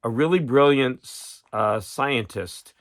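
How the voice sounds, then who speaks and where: In a dry recording, a channel host with a medium-pitched voice speaks slowly about books he's read. His casual talk rambles, and he chuckles, interrupts himself, and often breaks off to start sentences over.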